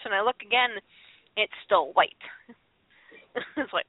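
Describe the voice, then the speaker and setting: A woman's voice: mid-range voice, expressive, measured pace, pauses often, dry recording. Chatty woman on a tinny phone line. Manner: rambling storytelling with frequent laughs and restarts. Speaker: podcast co-host. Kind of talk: casual chat.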